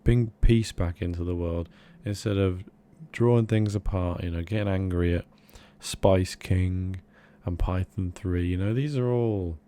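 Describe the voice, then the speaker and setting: Young man, low voice, deadpan podcast banter, mock-serious. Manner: mock-earnest, drawn-out deadpan rambling. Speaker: podcast co-host. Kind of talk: casual comedic chat.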